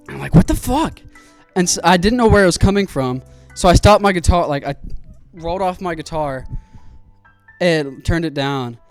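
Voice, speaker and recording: Brief: young male streamer, fairly high voice, animated and profane storyteller, faint lo-fi beat underneath. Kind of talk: casual story time on stream. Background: faint lo-fi music.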